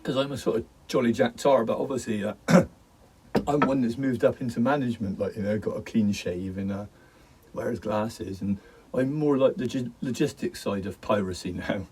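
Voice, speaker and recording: A man's voice: mid-range voice, moderate pace, a little mellow, recorded from a distance, a little hiss or hum, poor audio. A middle-aged man vlogging from his garden, rambling in a jokey way and laughing often. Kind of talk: rambling casual monologue.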